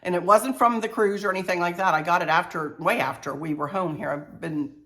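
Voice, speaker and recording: An older woman with a head cold, talking to camera about her home decor channel in an unhurried, heartfelt, chatty way. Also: on the low side, fairly bright tone. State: stuffy-nosed with a cold. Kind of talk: casual heartfelt talk to camera.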